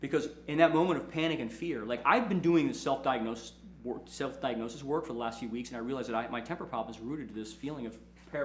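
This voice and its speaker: Fast-talking man in an echoey room. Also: fairly high pitch, a little hiss or hum. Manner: animated storytelling, repeats "right?", acts out quotes. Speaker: lawyer and firm owner hosting a talk. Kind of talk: casual motivational talk.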